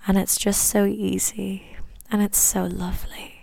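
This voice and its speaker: A woman guiding a listener through a hypnosis session in slow, soothing whispered ASMR. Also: medium pitch, level tone, vocal fry, warm tone, no echo. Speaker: hypnosis audio creator.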